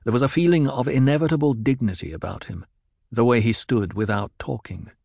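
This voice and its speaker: A man reading a novel aloud in an even, measured narration. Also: mid-range voice, gravelly, no room sound, clean studio sound. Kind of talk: scripted audiobook narration.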